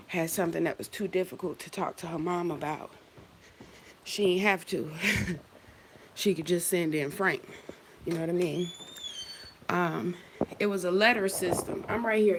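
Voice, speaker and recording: Over a little hiss or hum, a livestream host with a lowish voice talks about spiritual matters casually, heartfelt and profane. She frequently breaks off and begins again.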